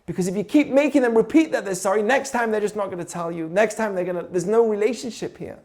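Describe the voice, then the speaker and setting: Male teacher, higher-pitched voice, casual storytelling lesson that keeps asking the listener questions. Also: quick pace, a little mellow. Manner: conversational, asks rhetorical questions, tells stories. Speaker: teacher of Jewish ethics. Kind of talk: informal teaching talk.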